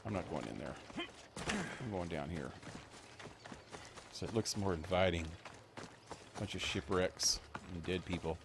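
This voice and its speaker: A man's voice: low voice, animated, measured pace, creaky, long pauses, noisy background. A man streaming a game, cracking crude jokes and commenting casually on what he sees as he plays. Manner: joking, crude wisecracks while playing.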